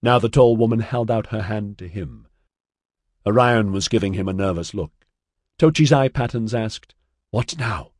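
A man narrating an audiobook in an expressive, measured storytelling manner. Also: on the low side, no room sound, studio quality.

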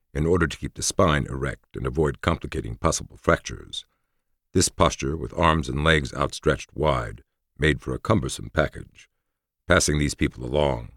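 Super deep husky guy narrating a story, gravelly, dry close sound. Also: no room sound. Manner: measured, even storytelling. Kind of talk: audiobook narration.

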